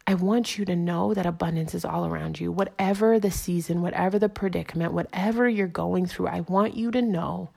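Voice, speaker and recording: Earnest woman with a gravelly low voice. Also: fairly even intonation, fairly quick, few pauses, warm tone. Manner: earnest, encouraging, repetitive affirmations. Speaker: motivational speaker. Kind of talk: inspirational monologue.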